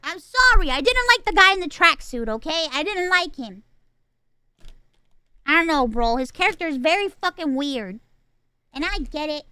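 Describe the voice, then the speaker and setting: A woman streaming and chatting loosely into a close, dry microphone. Her voice sits high and bright. She swears freely and slips into mocking, overblown asides. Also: sing-song, moderate pace, long pauses, dry recording. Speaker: streamer reacting to a film. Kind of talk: casual livestream chat.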